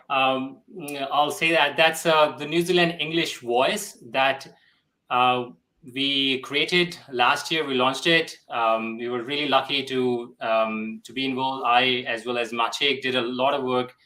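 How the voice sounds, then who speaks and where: Bright guy cohosting a webinar, lots of uhs, sounds like a video call. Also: mid-range voice, measured pace, rough recording. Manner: hesitant, many fillers. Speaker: solutions architect and co-host. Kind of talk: casual webinar chat.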